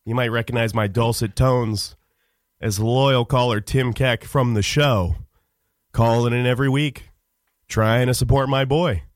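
A man telling a rambling, mock-solemn comic story on a radio show, halting with many fillers. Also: medium pitch, no echo, studio quality. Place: radio studio.

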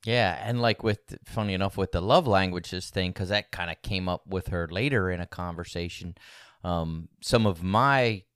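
Male co-host, low resonant voice, reflective, halting delivery. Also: fairly bright tone, clear, resonant tone, dry recording, clean studio sound. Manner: thoughtful, hesitant, many fillers. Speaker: podcast co-host. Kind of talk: candid conversational podcast talk.

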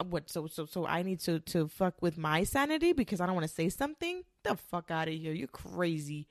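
A woman's voice: fairly low pitch, very animated, fairly quick, few pauses, no echo, studio quality. A woman talking straight to camera in a blunt, profane, emphatic rant about speaking her mind.

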